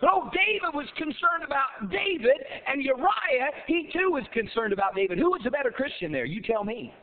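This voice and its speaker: A man pastor preaching a sermon, emphatic, with rhetorical questions and shouted, repeated lines. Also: very high voice, very animated, normal speed. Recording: tinny phone-like sound.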